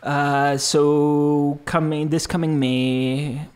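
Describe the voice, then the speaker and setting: A man who works at a campus radio station, talking as a guest in an interview in an unhurried, friendly way with many filler words. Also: on the high side, level tone, darkish tone, clean tone. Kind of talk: casual interview talk.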